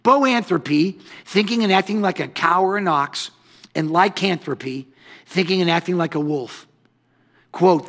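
Guy preaching a sermon, kinda high voice with some gravel, drags out the big lines then goes all quiet. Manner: dramatic, stretches key phrases slowly and drops to a hush. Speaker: pastor.

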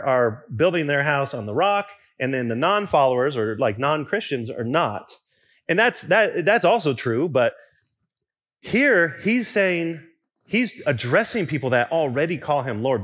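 A young man preaching a sermon in a relaxed, conversational way, with restarts and asides to the congregation. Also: on the high side. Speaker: pastor.

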